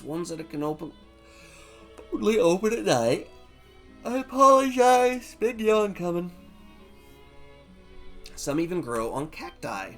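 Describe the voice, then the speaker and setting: A man reading a gentle, wistful woman doll with a gravelly voice. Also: a little high. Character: gentle, wistful small woman doll who tends flowers. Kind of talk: reading game dialogue aloud.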